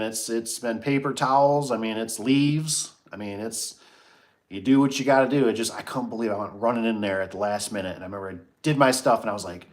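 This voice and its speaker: A middle-aged man hosting a casual livestream, telling a story and reading chat comments, acting out his own reactions. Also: fairly low pitch.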